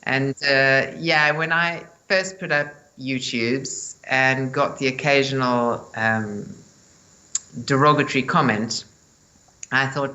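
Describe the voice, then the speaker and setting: A woman with a light English-speaking South African accent, speaking in a measured, earnest way as a spiritual teacher being interviewed. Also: a bass voice, pushed and bright, poor audio. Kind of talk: interview guest, spiritual talk.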